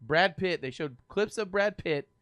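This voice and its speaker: A man's voice: high voice, animated, unhurried, a bit bright, no echo. A man speaking hesitantly in a casual podcast chat, often stumbling and restarting his words.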